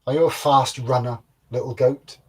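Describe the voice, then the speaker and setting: A man voicing a huge, menacing male giant who speaks in a slow, sly, threatening way. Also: mid-range voice, fairly even intonation, a little mellow, husky, natural voice.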